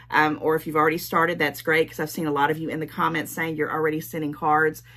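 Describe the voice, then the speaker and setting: A woman's voice: low-pitched, a bit bright, husky. A woman with a Southern US accent, gushing and repeating her thanks while opening gifts in a casual home vlog. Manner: gushing, effusive, repeating herself. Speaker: YouTube host opening gifts. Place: at home in daylight.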